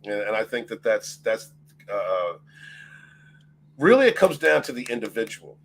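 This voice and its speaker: A man's voice: on the low side, very animated, normal speed, gravelly, a little hiss or hum. A man hosting a casual livestream, greeting his chat by name, laughing often and swearing freely. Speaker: livestream host.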